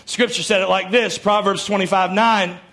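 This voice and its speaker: A man preaches from the pulpit, his voice riding high and edged with a gravelly fry. He talks with emphatic force and keeps pulling the congregation in with questions and calls for an amen, as a sermon in a church. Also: fairly even intonation, moderate pace, bright, forceful tone. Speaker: pastor. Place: church sanctuary before a congregation.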